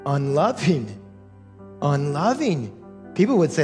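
A man preaching a sermon as pastor, repeating lines and building to shouts. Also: a little high, lively intonation, moderate pace, soft background music.

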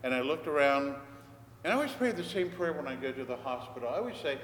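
An older man, a priest, delivers a sermon as a conversational story, acting out the dialogue. His voice is medium in pitch, slightly bright, fast and lively in intonation. It was recorded in an echoey church hall with faint background noise.

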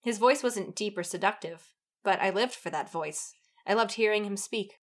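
A woman's voice: mid-range voice, normal speed. A woman co-hosting a comedy podcast, reading fan fiction aloud with dramatic flair and frequent giggles. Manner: giggly, breaks into laughter and off-key singing.

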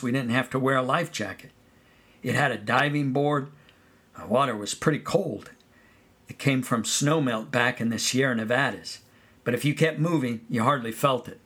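Man telling a childhood memoir. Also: mid-range voice. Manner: relaxed storytelling, sings song snippets. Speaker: storyteller. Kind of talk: first-person memoir narration.

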